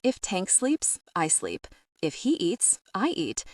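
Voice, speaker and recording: A woman reading the lines of a huge, blunt male bodyguard, keeping the words short, grunted and flat. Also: on the low side, slow pace, dry recording, studio quality, heavily acted. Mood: terse. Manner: grunting, terse.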